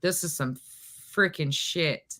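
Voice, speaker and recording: A woman's voice: sits low, takes it slowly, bright, forceful tone. A woman hosting a casual livestream from home, talking in an exasperated, rambling way with lots of restarts. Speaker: livestream host.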